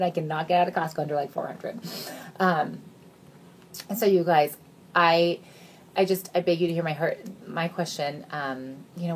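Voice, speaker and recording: A woman in her thirties giving an emotional recruitment pitch, earnest and gushing, near tears at times, swinging between excited highs and hushed near-whispers. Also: slight background noise. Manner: earnest and gushing, says "you guys" a lot, voice rising and dropping to near whispers. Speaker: sales recruiter.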